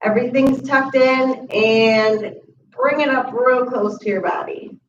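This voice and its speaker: Woman, chair yoga instructor, calm step-by-step cues, distant mic, faint hiss. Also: fairly high pitch, a little slow. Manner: calm instructive cueing of breaths and moves. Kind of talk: guided exercise class. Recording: roomy, distant, muffled audio with faint hiss.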